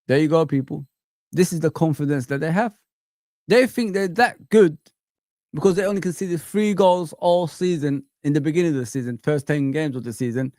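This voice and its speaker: A man hosting a live chat stream, ranting in an animated, exasperated way with repeated phrases. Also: on the high side, normal speed, no echo, studio quality.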